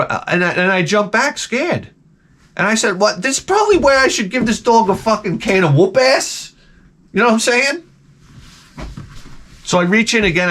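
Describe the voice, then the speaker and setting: A man with a fairly high voice spins a casual story. His pitch jumps all over as he swears and mocks himself. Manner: animated, profane, self-mocking. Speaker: host.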